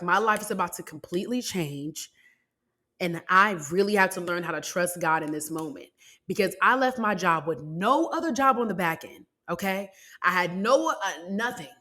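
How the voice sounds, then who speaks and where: A woman hosts her own podcast. Her voice sits a little low for a woman. She tells a personal story with emotion and animation, full of faith, and calls her listeners y'all and child. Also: a bit bright. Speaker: podcast host.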